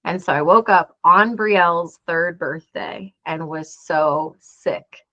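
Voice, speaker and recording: A woman's voice: on the low side, slow pace, sharp tone, dry recording. A woman in her forties telling a personal story in an interview, earnest and acting out the dialogue as she goes. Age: 40s. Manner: earnest, acts out quoted dialogue. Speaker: interview guest. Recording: dull, dry lo-fi sound.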